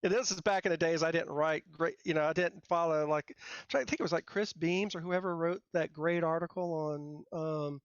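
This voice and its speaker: A middle-aged man, a software engineer guest, telling his career story in a casual, rambling, self-deprecating way with many fillers and restarts. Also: on the high side, steady tone, a little fast, smooth, no echo. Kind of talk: casual interview talk. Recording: dull dry lo-fi sound.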